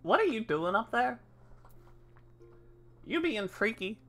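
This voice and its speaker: Excitable woman streamer, bright voice. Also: a little high, takes it slowly, soft background music. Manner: excitable, giggly asides. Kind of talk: casual let's-play commentary.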